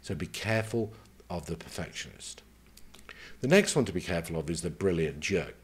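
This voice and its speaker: A man speaking as a career mentor, giving advice in a measured, conversational way and taking his points one at a time. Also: low-pitched, lively intonation, breathy edge.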